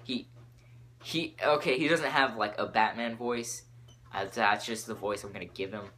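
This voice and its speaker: A teenage boy hosting his own podcast, rambling excitably from topic to topic with lots of fillers. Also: lowish voice, normal speed, slight background noise. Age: teens. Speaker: podcast host.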